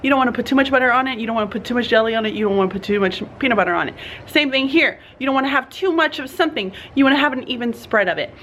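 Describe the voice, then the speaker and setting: A woman's voice: on the high side, animated, rapid-fire, fairly bright tone, a little hiss or hum. A woman teacher vlogging in her classroom in the morning, chatty and earnest, tired and yawning, saying y'all and laughing often. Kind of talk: casual morning vlog.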